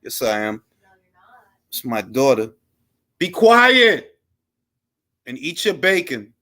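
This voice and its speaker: A man's voice: medium pitch, animated, a little slow, a bit bright. A man hosting a boxing talk show, chatting loosely with slang and jokes. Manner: loose, joking, slangy banter. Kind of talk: casual live-stream chat.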